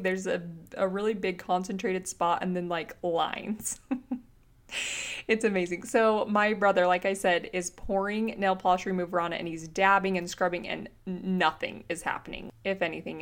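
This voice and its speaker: A woman in her thirties hosting a podcast, telling a story in a chatty, animated way, full of slang and fillers. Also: fairly low pitch, normal speed. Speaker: podcast host. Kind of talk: casual storytelling monologue.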